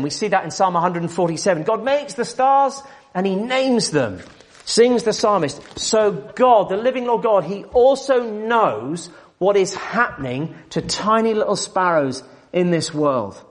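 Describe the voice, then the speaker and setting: A man's voice: high voice, animated, a little slow. A man preaching an expository sermon, emphatic and full of rhetorical questions, building up and dropping back in volume.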